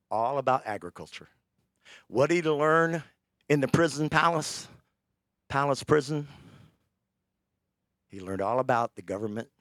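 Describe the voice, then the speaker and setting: A man preaching a sermon, telling a scripture story with animated, acted-out character lines. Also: medium pitch, no echo, studio quality.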